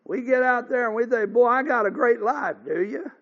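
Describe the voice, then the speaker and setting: A man's voice: extremely high pitch, normal speed. An older man preaching a revival sermon as pastor, folksy and earnest, building to fervent exhortations. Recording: dull lo-fi recording.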